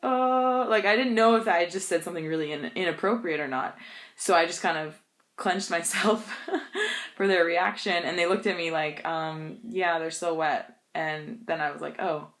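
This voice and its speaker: A woman's voice: fairly low pitch, normal speed. Chatty young woman telling funny stories. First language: English. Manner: chatty, laughs often, animated storytelling. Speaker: vlogger. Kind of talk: casual storytelling vlog.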